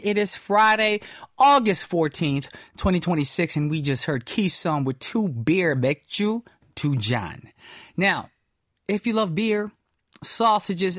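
A man's voice: dry recording, studio quality. A man hosting a pop music radio show, reading entertainment news in upbeat patter with playful asides. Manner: animated, playful asides, swoops high on exclamations. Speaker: radio DJ host.

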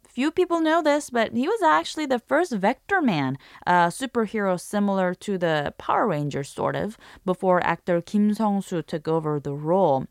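A woman's voice: fairly low pitch, no room sound, studio quality. A woman hosting a language lesson, reading a scripted explanation and demonstrating intonation with example phrases. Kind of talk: scripted radio-style lesson narration.

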